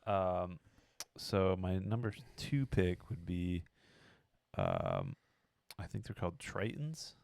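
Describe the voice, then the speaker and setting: Low, gravelly man, halting podcast chat. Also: big pitch swings, darkish tone, no room sound. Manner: hesitant, many fillers, searches for words. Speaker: podcast co-host. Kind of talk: casual chat.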